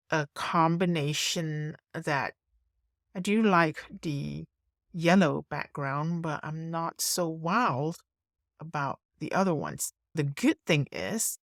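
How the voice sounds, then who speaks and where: A woman narrating a screen-recorded design tutorial, thinking aloud in a relaxed way as she works. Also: deep voice, no echo, studio quality.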